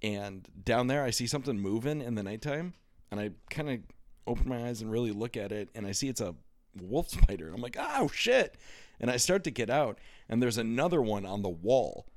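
A man's voice: lowish voice, fairly quick, dry recording, clean studio sound. A man hosting a casual comedy podcast, telling stories with lots of swearing and acting out the voices in them. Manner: animated storytelling, swearing, acts out voices. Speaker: podcast host.

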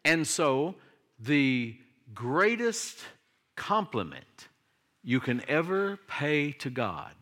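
A man's voice: on the high side, big pitch swings, drawn-out words, fairly bright tone. An older man, a pastor delivering a sermon in a conversational style that swings into emphatic declarations.

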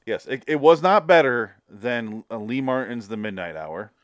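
A man's voice: medium pitch, lively intonation, normal speed, clear, resonant tone, no room sound. Man, podcast co-host, casual chat, rambling, swearing, dry close sound.

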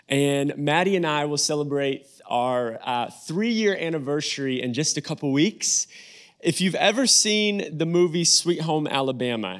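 Young man joking from the pulpit. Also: medium pitch. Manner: friendly joking banter with congregation. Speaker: guest preacher. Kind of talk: sermon. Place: church sanctuary.

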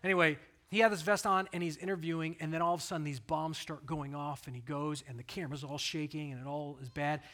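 A middle-aged pastor giving a conversational sermon, telling stories in an earnest, plain way. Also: male voice, fairly high pitch, fairly even intonation, quick pace, hardly any pauses, a bit bright.

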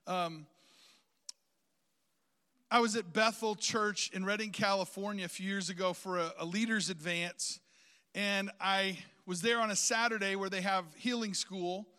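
A man's voice: high voice, steady tone, unhurried, pushed and bright, clear, resonant tone, big-room sound. A man preaching a sermon, outgoing and talkative, calling on the congregation to repeat phrases after him.

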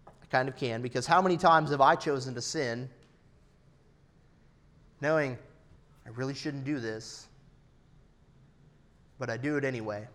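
A man in his thirties preaching an earnest, personal sermon, his loudness rising and falling for emphasis. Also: medium pitch, a little slow, long pauses. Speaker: pastor.

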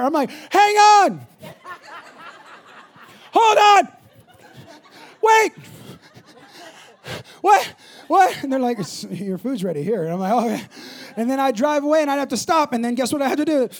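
High-voiced animated male preacher. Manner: animated, acts out voices, jokes with congregation. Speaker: pastor. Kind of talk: sermon with storytelling.

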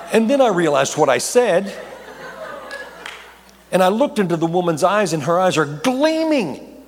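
A man with a somewhat raised pitch preaches in a storytelling style. He stumbles over restarts and tosses in jokey asides. His voice rings out with a long echo in a large hall. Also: moderate pace, a little hiss or hum. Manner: animated, rambling with repeated restarts, jokey asides. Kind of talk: storytelling sermon.

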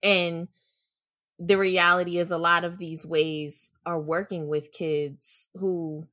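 A woman's voice: lowish voice, flat delivery, slow, dry recording, clean studio sound. A woman co-host chatting casually and affirming the guest, with frequent "like" and "um". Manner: warm affirming, uses filler "like". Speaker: podcast co-host. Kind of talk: casual chat.

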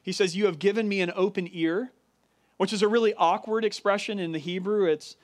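A man with a high voice delivers a sermon with earnest emphasis. He slows down to stress key words, then picks the pace back up. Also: steady tone. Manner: earnest, emphatic preaching with deliberate slowed stresses. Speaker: pastor.

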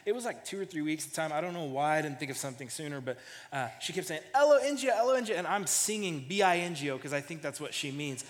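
A man's voice: on the high side, quick pace, a bit bright, long reverb tail. A man in his thirties preaching a sermon in a casual storytelling way, often repeating the first words of a phrase. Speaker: pastor.

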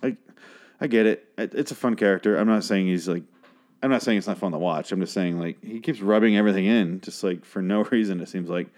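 A man's voice: lowish voice, brisk. Crude, rambling man recapping a show. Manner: rambling, crude, animated asides. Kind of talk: casual profane recap.

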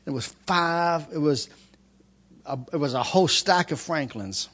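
High-voiced man preaching a lively sermon. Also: unhurried. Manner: animated, with shouted outbursts and laughter. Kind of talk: sermon storytelling.

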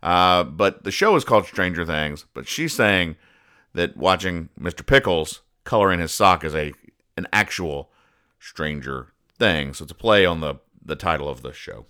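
Deadpan male podcast host, low and bright, smooth delivery, walks through comic strips. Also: normal speed. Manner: deadpan, explains each joke. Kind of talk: casual comic-strip recap.

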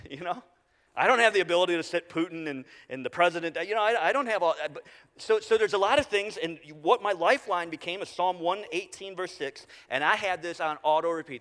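Middle-aged pastor preaching in a reverberant hall. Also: male voice, high-pitched, lively intonation. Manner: conversational, halting restarts, drops to quiet repetition. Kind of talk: sermon. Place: church sanctuary. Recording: long reverb of a large hall.

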